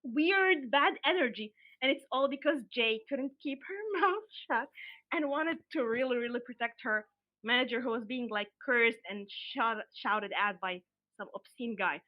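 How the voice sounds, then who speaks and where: A woman's voice: fairly high pitch, expressive, normal speed, muffled recording. A young woman from Alexandria telling a wild story in casual, profane podcast chat, laughing and acting out quotes. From Alexandria, Egypt. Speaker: podcast guest.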